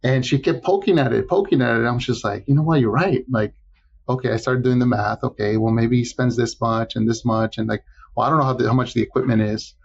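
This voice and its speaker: A man speaking as a podcast guest, telling his story casually and lively, and acting out the voices of the people he quotes. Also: medium pitch, fast, creaky, slightly rough, lo-fi sound. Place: Los Angeles area.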